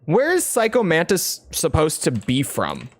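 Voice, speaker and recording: Streamer, man, strained throat, slow rambling talk, lively pitch. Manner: rambling, self-mocking, laughs often. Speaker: gaming streamer. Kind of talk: casual commentary while playing.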